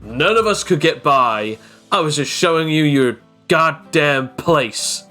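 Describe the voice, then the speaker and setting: A man playing a rude, gruff six-armed brute. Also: a little high, lively intonation, slow, bright, forceful tone, soft background music, exaggerated voice. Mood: hostile. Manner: rude, confrontational.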